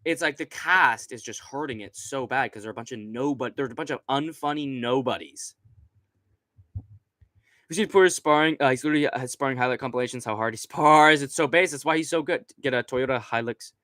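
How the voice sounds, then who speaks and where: At normal speed and medium pitch, a young man's slightly bright voice carries without echo. He hosts a laid-back late-night stream seated at his computer, talking into a desk mic right in front as he rambles, swears and fills his speech with fillers.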